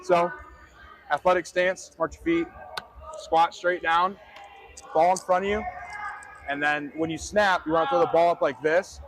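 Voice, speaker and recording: A man's voice: on the high side, fairly even intonation, unhurried, pauses often, fairly bright tone, poor audio. A man demonstrating how to snap a football on an outdoor field, explaining in a laid-back, slangy way. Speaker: offensive lineman demonstrating. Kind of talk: casual instruction.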